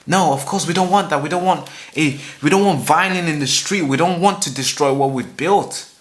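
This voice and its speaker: A man's voice: a little high, moderate pace. A man hosting a solo commentary show, talking emphatically, repeating himself with many fillers and restarts. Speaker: host.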